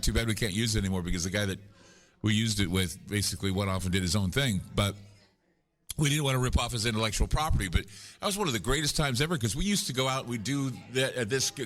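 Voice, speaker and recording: A man's voice: mid-range voice, animated, quick pace, fairly bright tone. A man guesting at a paranormal conference, telling long rambling stories with jokes at his own expense. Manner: rambling, joking, self-deprecating storyteller. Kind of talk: casual chat. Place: live at a conference.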